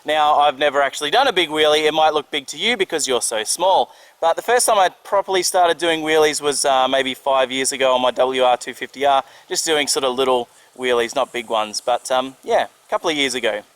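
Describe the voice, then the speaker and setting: A man's voice: medium pitch, brisk, hardly any pauses, a bit bright, poor audio. A young Australian man reading out fan questions for his motorcycle vlog, laid-back, with dry joking answers. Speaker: motorcycle vlogger. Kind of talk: casual Q&A vlog.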